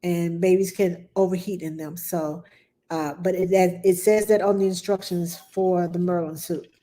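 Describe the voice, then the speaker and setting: A nanny answering viewers' baby questions in casual talk, reassuring and lively, acting out baby sounds and repeating "yes" for emphasis. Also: female voice, on the low side, moderate pace. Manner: animated, acts out baby talk and her own quotes.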